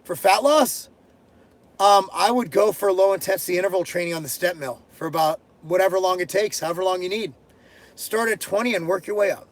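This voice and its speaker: Middle-aged dude doing a live q&a, fairly high voice, crude jokes, cusses a lot, blunt answers. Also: male voice, fairly quick. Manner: blunt, crude and joking, swears freely. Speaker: host answering viewer questions. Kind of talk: casual live-stream Q&A. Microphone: headphones and desk mic.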